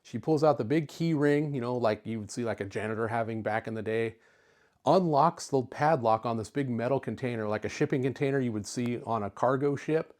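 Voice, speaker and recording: A man's voice: mid-range voice, a little fast, a little mellow. A man in his fifties, a retro-computer video host, casually telling a personal story to camera in a chatty, easygoing way. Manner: chatty, easygoing, with filler words.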